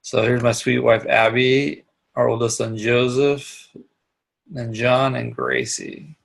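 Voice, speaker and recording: Gravelly-voiced man giving an earnest talk. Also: medium pitch, little pitch movement. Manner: earnest, halting, many restarts. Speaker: instructor. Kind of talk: online live class talk.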